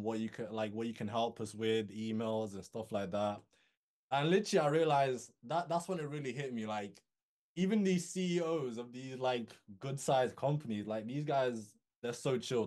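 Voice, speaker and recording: Young male guest, mid-pitched, casual animated storyteller, throws in "bro" and "yo". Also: normal speed. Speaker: guest copywriter.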